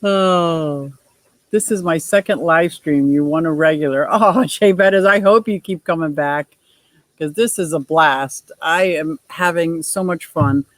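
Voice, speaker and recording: A woman's voice: low voice, no echo, low-quality recording. A woman doing an impression of a chatty male fishkeeping friend as she hosts a casual live stream by her fish tank, cheerful and gushing. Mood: upbeat. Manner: cheerful, gushing, quick to laugh.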